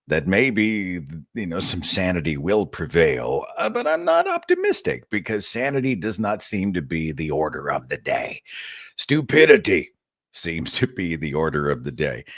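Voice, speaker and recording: Oklahoma male call-in host, deep and lively voice, dry close sound, chatty and wry. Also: dry recording. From Oklahoma, USA. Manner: chatty, wry, rambling asides. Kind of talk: live call-in show monologue.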